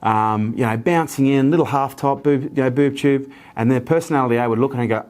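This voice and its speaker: Speaking fast with few pauses, this interview guest has a medium-pitched, darkish male voice. He tells earnest stories in motivational interview style, leaning heavily on repetitive phrasing.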